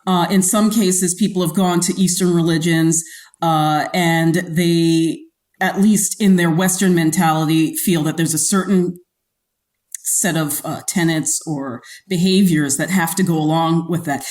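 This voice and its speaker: Chatty lady host, kinda low voice, laughs a lot and restarts her sentences. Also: fairly even intonation, a little slow, a little mellow. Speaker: podcast host. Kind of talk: casual interview chat.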